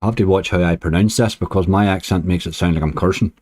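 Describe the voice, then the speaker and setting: Mellow low-voiced man chatting over slots. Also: fairly even intonation, fast talker. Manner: chatty, cheers at bonuses. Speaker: slots streamer. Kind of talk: casual commentary on slot play.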